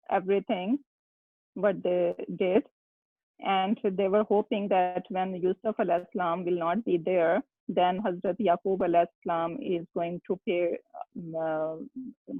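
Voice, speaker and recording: An Arabic teacher, giving slow, halting explanations in an online class. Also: mid-range voice, steady tone, dry recording. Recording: tinny phone-line sound, dry.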